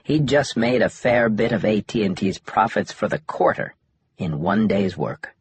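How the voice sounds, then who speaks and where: A man narrating an audiobook in a steady storytelling manner. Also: on the low side, unhurried, breathy edge. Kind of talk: scripted narration.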